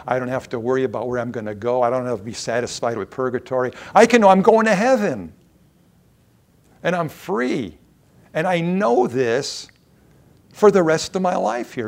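Gravelly, animated male preacher. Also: mid-range voice. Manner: emphatic, with sudden rises and drops in loudness; conversational, with repeated words and restarts. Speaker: pastor. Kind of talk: sermon.

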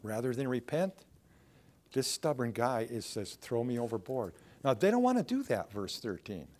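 A man's voice: mid-range voice, sing-song, normal speed, a little mellow. A male pastor preaching a sermon in a conversational way, asking the congregation rhetorical questions as he goes.

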